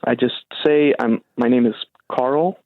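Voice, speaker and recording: A man's voice: mid-range voice, steady tone, unhurried, no echo. A young man calling in, telling his story hesitantly with many fillers. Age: young adult. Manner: hesitant, lots of ums and uhs. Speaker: caller. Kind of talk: casual call-in chat. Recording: phone-like call line.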